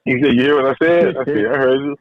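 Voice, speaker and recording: A man who trains boxers tells stories about his mentor in a relaxed, slangy way, often repeating himself. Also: mid-range voice, fast, no room sound. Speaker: boxing trainer, guest. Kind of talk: casual interview talk. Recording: dull podcast audio, dry.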